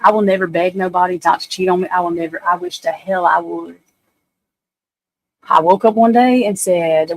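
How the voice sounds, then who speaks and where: A woman's voice: lowish voice, steady tone, moderate pace, low-quality recording. A woman in her forties with a drawl chats loosely on a livestream. She rambles from story to story, blunt and profane, and keeps turning to her viewers. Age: 40s. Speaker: livestream host. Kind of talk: casual chat on a livestream.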